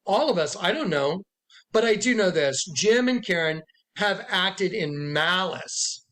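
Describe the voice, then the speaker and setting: This man's voice sits high and a bit bright, animated though a little slow. Calling himself a prophet, he shares an emotional story with followers sitting alongside him indoors, emphatically acting out the people he quotes.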